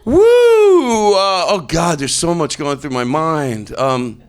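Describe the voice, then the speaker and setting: A man's voice: on the high side, unhurried, a bit bright. A man with a Philadelphia accent doing improvised stand-up on a club stage, rambling in a mock-earnest way and cutting himself off mid-thought. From Philadelphia, USA. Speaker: stand-up comedian.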